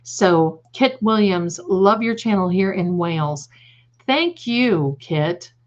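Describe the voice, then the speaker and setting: A woman's voice: fairly low pitch, lively intonation, slow. A woman psychic hosting a live stream and reading viewer comments aloud. She speaks affectionately, calls viewers "my darling," and repeats words and restarts sentences as she goes. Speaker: psychic livestream host. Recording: slightly dull lo-fi stream audio.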